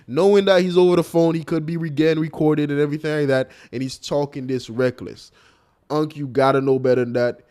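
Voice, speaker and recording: Animated man doing casual commentary. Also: a little high, normal speed. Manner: animated, incredulous, talks straight to viewers. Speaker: commentary host.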